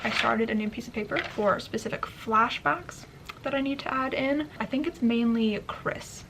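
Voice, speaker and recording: A young woman chatting casually to camera at home in a writing vlog, gushing and gasping with excitement now and then. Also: on the high side, moderate pace, slight background noise, poor audio. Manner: chatty, gushing with excitement, gasps and soft exclamations. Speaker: booktube vlogger and writer. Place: home, at a desk.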